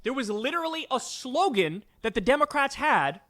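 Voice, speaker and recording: Male commentator, exasperated, high lively voice, dry close mic. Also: normal speed, no echo. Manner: exasperated, emphatic arguing. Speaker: political commentator in a played clip. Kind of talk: political commentary.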